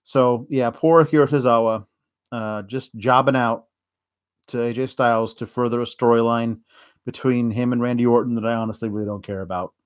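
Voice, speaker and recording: A man's voice: mid-range voice, steady tone, normal speed, clear, resonant tone. A man hosting a podcast, giving a sarcastic, rambling casual recap. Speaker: podcast host.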